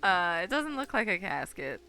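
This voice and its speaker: Woman, casual gameplay chatter, playful, giggly, very animated pitch, gravelly. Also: moderate pace. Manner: playful, giggly, talks to herself. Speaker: streamer. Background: soft game music.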